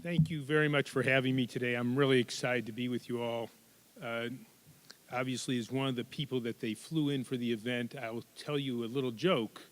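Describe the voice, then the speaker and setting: A middle-aged man, a physician, giving a keynote talk at a conference, earnest and building his points with statistics. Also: mid-range voice.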